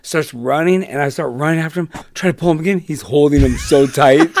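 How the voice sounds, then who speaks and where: A man's voice: on the high side, fairly quick, gravelly. A man telling wild stories in a casual chat, swearing and laughing often. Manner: profane, laughing often, animated. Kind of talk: casual storytelling.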